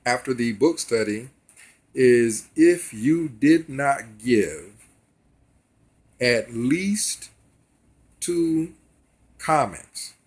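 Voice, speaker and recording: A man speaks in a casual video monologue, addressing his viewers directly and earnestly. His voice is husky and a little breathy, sitting at a middling pitch for a man. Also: sing-song, very slow, pauses often, darkish tone. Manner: earnest, talks straight to viewers. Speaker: vlogger.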